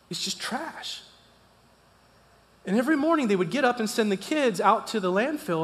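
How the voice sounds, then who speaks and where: In a reverberant church sanctuary, a pastor with a high voice delivers a sermon built around a personal story. He tells it with animation, moving between loud and hushed moments, and the hall's long reverb lingers on the audio.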